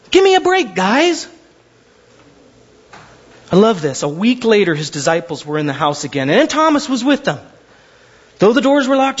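A man's voice: very high voice, dull audio. A man preaching a sermon as pastor, telling stories animatedly and acting out the voices of the people in them.

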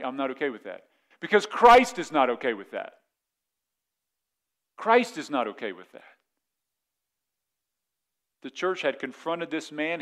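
A man's voice: a little high, fairly bright tone. A man preaching as a pastor in a conversational way, often repeating words and asking the congregation questions. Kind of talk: sermon.

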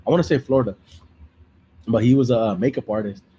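A man's voice: mid-range voice, brisk, warm tone, slight background noise. Rowdy man on a podcast. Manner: switches between English and Spanish slang, laughs often; crude, rambling storytelling. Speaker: podcast host. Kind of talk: casual live-stream banter.

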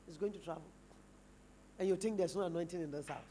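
A man's voice: on the high side, quick pace, mellow, slight background noise. A man with a Ghanaian English accent preaching a sermon in church, firing rhetorical questions at the congregation. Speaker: pastor.

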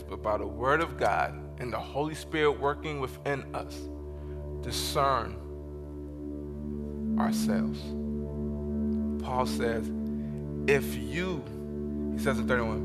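A man's voice: mid-range voice, bright, forceful tone. A man preaching as a guest pastor, telling a story with animation and acting out the dialogue. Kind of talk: sermon.

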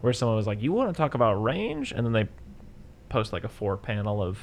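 A man's voice: on the low side, very animated, fairly quick, slight background noise. A man co-hosting a podcast in casual chat, laid-back, swearing freely and acting out lines he quotes. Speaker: podcast co-host.

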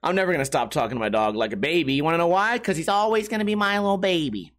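A man's voice: a little high, animated, racing, fairly bright tone. A young man rambling through a crude, self-mocking comedic monologue as a podcast host.

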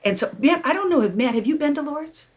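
A middle-aged woman, a podcast guest, telling a long personal story with lively energy and frequent laughter. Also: sits high, fast. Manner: animated, laughs often while telling a story. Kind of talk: storytelling in a conversation.

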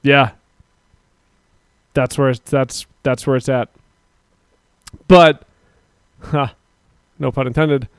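A man's voice: medium pitch, steady tone, takes it slowly, long pauses, smooth, dry recording, clean studio sound. A man co-hosting a livestream, bantering crudely, laughing often and reading chat aloud. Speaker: livestream co-host.

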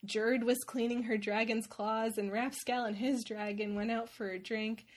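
A woman's voice: a little high, steady tone, normal speed. A woman host giving a wry, irreverent comedic recap of a fantasy novel. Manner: wry, irreverent, laughs often. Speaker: podcast host.

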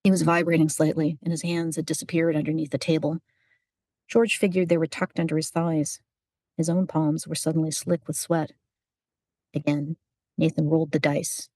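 A woman narrating a story in an even, unhurried storytelling manner. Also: low voice, no room sound, clean studio sound. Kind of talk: audiobook narration.

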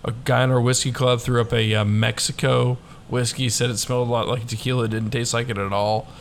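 Gravelly-voiced man in casual talk. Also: mid-range voice, level tone, fairly quick, a little hiss or hum. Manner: joking, loose, swears. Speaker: podcast co-host. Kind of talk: casual whiskey chat.

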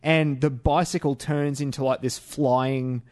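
A man's voice: medium pitch, fairly even intonation, a little slow, darkish tone, no room sound, clean studio sound. A man co-hosting a podcast, chatting casually and explaining things with enthusiasm. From Australia. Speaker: podcast co-host. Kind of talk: casual chat.

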